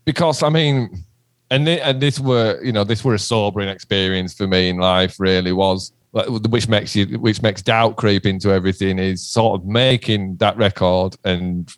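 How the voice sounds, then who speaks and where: A man's voice: on the low side, moderate pace, no room sound, studio quality. A middle-aged man, a musician chatting casually in an interview, rambling and swearing. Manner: chatty, rambling, swears, says "do you know what I mean". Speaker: musician guest.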